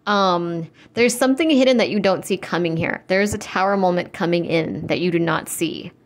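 A young woman giving a casual tarot reading, chatty and full of fillers, blunt and quick to swear. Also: fairly low pitch. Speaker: tarot reader.

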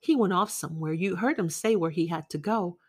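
A woman's voice: fairly low pitch, a little fast, breathy edge, no echo, studio quality. A woman reading as a lonely, clingy woman. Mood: pleading. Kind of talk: audiobook reading.

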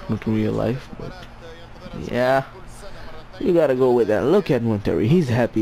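Excitable young man calling his football game. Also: mid-range voice, moderate pace, creaky. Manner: shouts players' names, swings from cheering to groaning. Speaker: gaming YouTuber.

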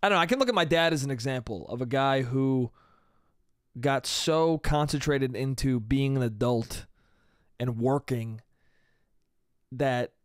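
A man's voice: medium pitch, dry recording, clean studio sound. A young man hosting a solo comedy podcast, talking in a loose, rambling way, swearing casually and trailing off. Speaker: podcast host.

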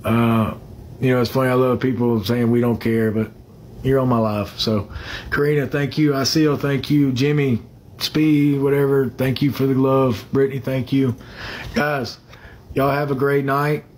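A man's voice: mid-range voice, fairly even intonation, moderate pace, darkish tone, slight background noise. A man chatting casually on a phone livestream. He rambles, fills the gaps with "uh", and greets viewers by name.

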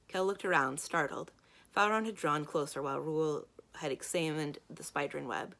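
Lady librarian reading a kids book out loud, gravelly low voice. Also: fairly even intonation, normal speed. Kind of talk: children's book read-aloud.

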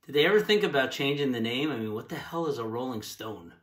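A man's voice: mid-range voice, lively intonation, fast talker, reverberant. A man playing himself as a goofy, nervous applicant in a satirical comedy sketch.

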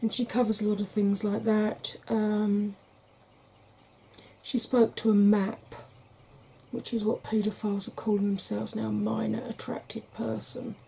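A Welsh woman chatting frankly in a soft-spoken ASMR vlog, rambling with fillers. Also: mid-range voice, flat delivery, a little slow, creaky, breathy edge. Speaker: ASMR vlogger.

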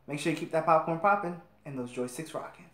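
Gushing, excitable man in an echoey room. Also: a little high, fast talker, background noise. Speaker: host of a music reaction channel. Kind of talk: reaction commentary.

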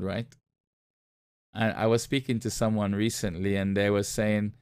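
A man's voice: lowish voice, a little slow, a little mellow, clean tone, dry recording. A man pastor preaching a sermon, reading scripture aloud and asking the listeners rhetorical questions.

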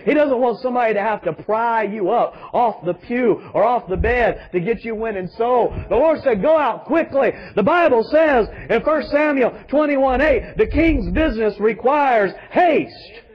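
Man, pastor, high voice, emphatic sermon, dull lo-fi recording. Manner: emphatic preaching with rhetorical questions.

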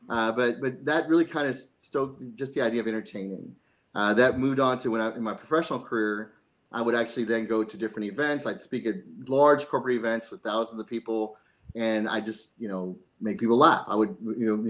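A man's voice: medium pitch, low-quality recording. A man being interviewed as a guest actor, chatty and self-joking, often laughing. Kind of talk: casual interview chat.

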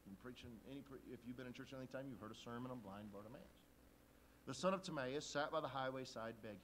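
A man preaching a sermon as a pastor, shifting from quiet, intimate talk to loud emphasis. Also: medium pitch, quick pace, slight background noise.

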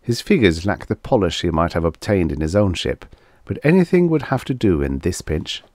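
Lively, low-voiced male audiobook narrator. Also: moderate pace, no echo. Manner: animated character reading. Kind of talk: scripted narration.

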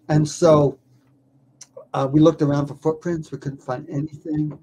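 A man who is a documentary filmmaker, telling a story in an interview with lively stammers and repeated words. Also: on the high side, measured pace.

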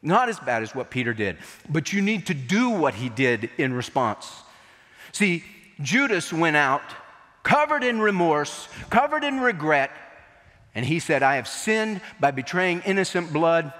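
Dramatic preacher in an echoey sanctuary. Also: male voice, fairly high pitch, big pitch swings, a little slow, pushed and bright. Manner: dramatic storytelling, acting out quotes. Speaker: pastor. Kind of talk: sermon.

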